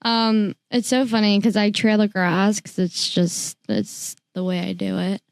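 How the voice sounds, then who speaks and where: A woman's voice: medium pitch, unhurried, creaky, clear, resonant tone, dry recording. A young woman co-hosting a podcast, telling stories in casual chat with lots of fillers and restarts. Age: young adult. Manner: chatty storyteller, animated, lots of fillers and restarts. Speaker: podcast co-host.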